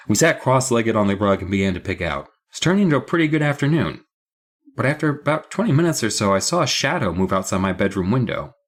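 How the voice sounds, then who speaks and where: A man co-hosting a podcast, recapping a book in casual chat with a sarcastic, profane edge. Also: medium pitch. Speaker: podcast co-host.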